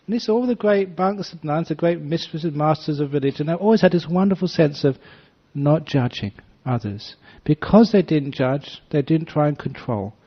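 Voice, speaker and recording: An older man, a Buddhist monk, giving a dharma talk that is full of storytelling, acting out voices with gentle humor. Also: on the high side, moderate pace, hardly any pauses. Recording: slightly dull lo-fi recording.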